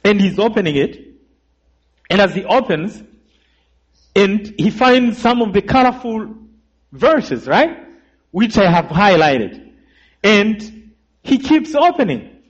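Man preaching his testimony, really high voice for a guy, muffled lo-fi recording. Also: big pitch swings, slow, long pauses, husky. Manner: dramatic storyteller, calls for amens, swings between loud and hushed. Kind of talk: sermon testimony storytelling.

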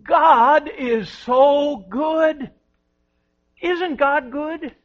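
A man's voice: very high voice, extremely slow, pitched above the performer's own voice, exaggerated voice. A man voicing a joyful, devout woman. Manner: joyful, earnest questions. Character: cheerful devout woman without arms or legs. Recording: dull lo-fi recording.

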